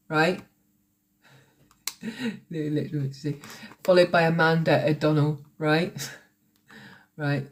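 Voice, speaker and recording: A woman in her late thirties, ranting on a livestream in a confrontational, sweary, sarcastic way. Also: sits low. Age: late 30s. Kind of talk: heated livestream rant. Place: at home, recording on TikTok Live.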